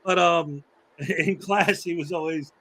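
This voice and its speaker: A man's voice: a little high, fairly even intonation, slow, a bit bright, low-quality recording. A man hosting a casual chat show, rambling through anecdotes, laughing often and acting out the people in his stories. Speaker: host.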